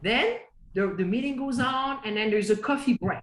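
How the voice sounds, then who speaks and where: A woman hosting a webinar over a video call, telling anecdotes in a lively, filler-heavy way. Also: a little high, normal speed. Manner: animated, laughing anecdotes with many fillers. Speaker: webinar host. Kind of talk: casual storytelling. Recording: echoey room.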